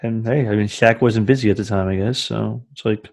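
A man's voice: lowish voice, fairly even intonation, fairly quick, creaky, a little mellow. A man co-hosting a podcast, chatting casually and asking his co-host questions about a movie. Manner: joking, asks lots of questions. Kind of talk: casual movie commentary chat.

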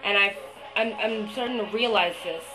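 A young woman talking to the camera in a video diary, venting her frustration, swearing a lot and pausing often with fillers. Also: mid-range voice, over music, poor audio. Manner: hesitant, many fillers. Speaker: vlogger.

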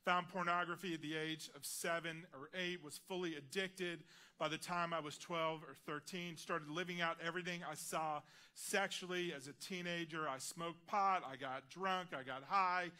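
A man preaching a sermon in a church, earnest and personal, dropping his voice quietly on key lines. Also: a little high, fairly even intonation, normal speed, clear, resonant tone. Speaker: guest preacher. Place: large church auditorium.

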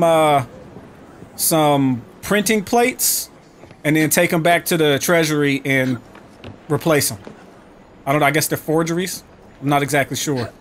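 A gaming YouTuber with a fairly bright, higher-pitched voice delivers brash, joking, profane commentary as he plays, taunting enemies and talking to viewers. There's a little hiss or hum on the recording, and music plays in the background.

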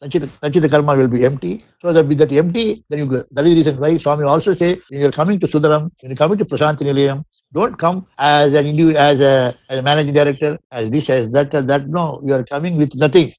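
A satsang speaker with an Indian English accent recites Sanskrit verses and explains them in English, often restarting and repeating himself. His fairly high, darkish voice moves fast, captured in a dull, dry, lo-fi recording.

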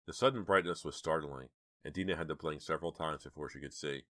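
A male narrator reads a horror audiobook in a steady, measured way. His voice is extremely deep, and the recording is dry and close. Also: no room sound.

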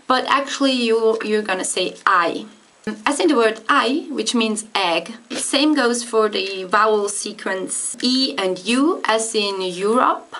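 A woman's voice: a little high, fairly bright tone. A woman giving a casual video lesson on pronunciation, speaking carefully and demonstrating sounds. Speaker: language teacher.

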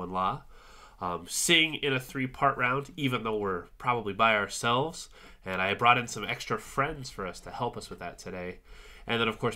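A man teaching a virtual music lesson to young children, cheerfully guiding them through warm-ups and counting along. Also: on the low side.

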